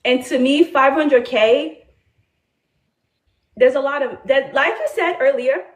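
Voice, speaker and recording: A woman with an accent speaks as a talk-show guest in a high voice. She insistently defends her point. The room around her is echoey. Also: slow pace. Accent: foreign accent. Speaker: podcast guest. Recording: echoey room in a played clip.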